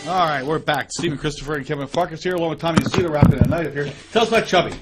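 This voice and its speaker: A man hosting a radio show, who talks in a brisk, rapid-fire way. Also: on the high side, loud music behind the voice. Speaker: radio host.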